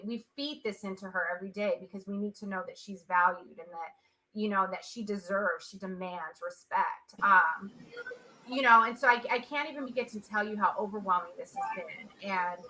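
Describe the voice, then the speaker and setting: A woman's voice: mid-range voice, pushed and bright, rough recording. A woman in her forties, an interview guest speaking earnestly on a video call and repeating words for emphasis. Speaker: interview guest, social entrepreneur. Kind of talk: emotional interview talk.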